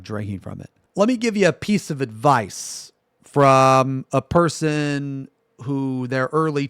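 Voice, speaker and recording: A man's voice: medium pitch, no echo, clean studio sound. A man streaming live, reacting to a video and ranting at his chat with lots of swearing. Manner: profane exasperated ranting at chat.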